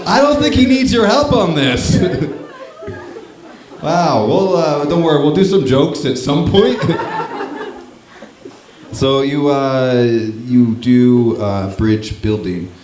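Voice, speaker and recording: A man's voice: a little high, expressive, takes it slowly, pauses often, background noise. A young Canadian man from Northern Ontario doing stand-up comedy, bantering with the audience in a casual, swearing, self-mocking way. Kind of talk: stand-up comedy with crowd work. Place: comedy club with a live crowd. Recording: echoey room, live crowd.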